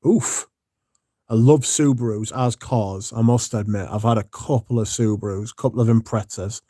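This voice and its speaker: A man's voice: lowish voice, steady tone, normal speed, mellow, no echo, clean studio sound. A man hosting a casual livestream, sleepy and yawning, rambling and swearing as he chats to his viewers. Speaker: livestream host.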